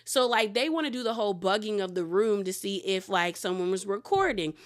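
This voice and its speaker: A young adult woman casually recapping a reality show episode, chatty and animated, with lots of "like" as she retells scenes. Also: mid-range voice, fairly quick.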